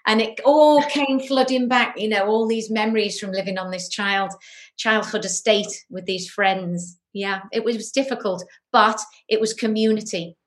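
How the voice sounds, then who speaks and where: A woman's voice: medium pitch, steady tone, normal speed. A woman guest from England speaks in a casual chat. She talks reflectively, with small restarts as she remembers. Her voice sits in the middle range.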